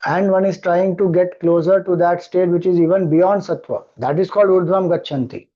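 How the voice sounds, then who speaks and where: A man's voice: high-pitched, fairly even intonation, moderate pace, highs cut off. A man with an Indian accent, a spiritual teacher explaining scripture, who keeps repeating verses and asking rhetorical questions. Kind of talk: scripture discourse.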